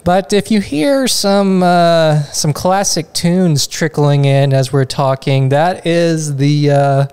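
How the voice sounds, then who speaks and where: A man's voice: fairly high pitch, takes it slowly, few pauses, darkish tone, clean tone. A man co-hosting a podcast, with an Oklahoma accent, teasing his partner in casual chat. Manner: teasing, playful. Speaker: podcast co-host.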